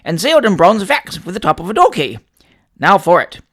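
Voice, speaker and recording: A cheeky young manservant, as a male reader puts him on, sly and deadpan in his banter. The voice sits a little high and jumps about, louder and brighter than the plain narration. It is a storybook turn with quick, dry wit. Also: exaggerated voice. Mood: puzzled.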